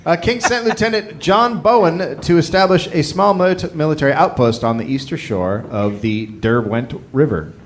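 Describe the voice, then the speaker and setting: A man's voice: a little high, normal speed, few pauses, a little hiss or hum. A man hosting a live comedy podcast, reading a history story from notes with crude jokes and laughter. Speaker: podcast host telling the story.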